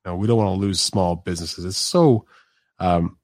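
Male podcast host, low-ish, dry sound, loose rambling delivery. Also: moderate pace, a little mellow, dry recording. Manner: loose, rambling, many fillers and restarts. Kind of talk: casual interview chat.

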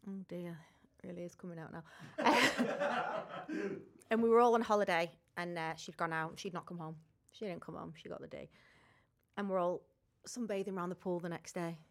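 A woman's voice: lowish voice, moderate pace. Chatty young woman podcast host. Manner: chatty, cheeky, trails off to quiet asides. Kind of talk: casual chat, storytelling.

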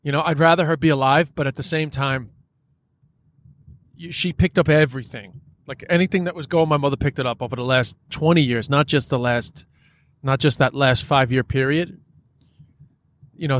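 The man hosting this podcast vents in a casual, frustrated monologue, swearing frequently and leaning on "like" and "you know" as fillers. His voice is mid-range with a fairly bright tone.

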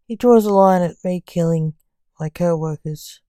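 A woman's voice: fairly low pitch, measured pace, warm tone, clean tone, no echo, close to an everyday voice. A woman voicing a scared young male magician, the reaper king's son, speaking timidly and reluctantly.

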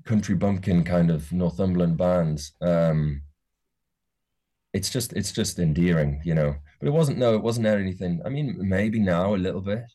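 A deep-voiced man with a soft Geordie accent, chatting as an interview guest. His tone is dark and relaxed, and he rambles, restarting sentences as he thinks aloud. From Newcastle, England. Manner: rambling, many restarts and hedges. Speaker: musician guest. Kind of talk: casual interview chat.

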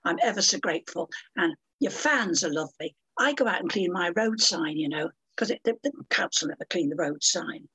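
An older woman in her seventies, a guest who talks bluntly and bawdily and throws herself into the voices of the people she quotes. Her voice is husky and slightly breathy. Her pitch swings widely from phrase to phrase. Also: expressive, fairly quick, hardly any pauses, fairly bright tone, dry recording, poor audio. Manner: blunt, bawdy and theatrical, acting out quoted voices. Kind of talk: casual interview chat.

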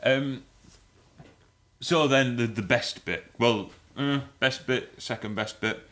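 A man's voice: medium pitch, slow pace, a bit bright. A man co-hosting a podcast, telling a rambling, comic story with swearing and frequent laughs. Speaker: podcast co-host. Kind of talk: casual comedic chat.

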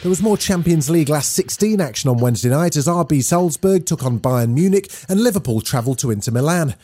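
A man hosting a daily news podcast, reading scripted stories in a brisk, clear newsreader delivery. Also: on the high side, lively intonation, dark tone, faint music behind.

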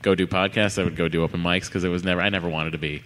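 A man's voice: low-pitched, steady tone, rapid-fire, fairly bright tone. A man hosting a live podcast, answering audience questions in a jokey, rambling way. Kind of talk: live podcast Q&A, joking banter. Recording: reverberant live venue.

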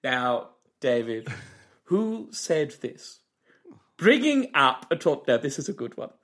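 A man's voice: mid-range voice, big pitch swings, slow pace, a bit bright. A man voicing a pompous male theatre critic with a murderous streak, in a theatrical, grandiose comedy podcast manner.

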